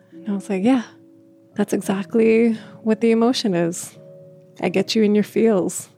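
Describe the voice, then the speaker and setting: A woman's voice: medium pitch, vocal fry. A woman who stutters, telling a personal story in a reflective way, with repeated words and restarts and frequent laughter. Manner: laughs often, speaks in a gentle, reflective way. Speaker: speaker sharing a personal story.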